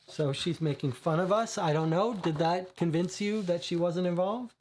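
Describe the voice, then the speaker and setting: Mid-pitched voice, thinking aloud, hesitant fillers, reads out detective game text. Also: normal speed, hardly any pauses, darkish tone. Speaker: board game player and streamer. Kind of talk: co-op board game livestream commentary.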